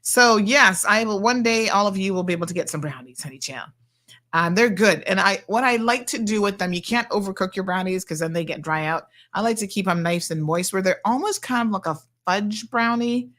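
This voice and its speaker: A woman's voice: mid-range voice, a little fast, fairly bright tone. A woman hosting a radio show from the studio, chatting casually and reading out listener messages.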